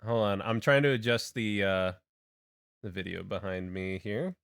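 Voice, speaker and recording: A man's voice: on the low side, normal speed, gravelly, fairly bright tone, clear, resonant tone. A young man from Hawaii chatting casually on a game stream, rambling with many restarts and laughing asides.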